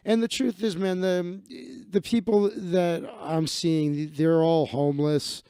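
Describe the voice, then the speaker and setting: A man's voice: fairly high pitch, little pitch movement, slow, warm tone, clear, resonant tone, no echo, studio quality. A man hosting a live stream, telling a casual story with lots of restarts and swearing. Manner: rambling, profane, many restarts and fillers. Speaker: live-stream host, magician.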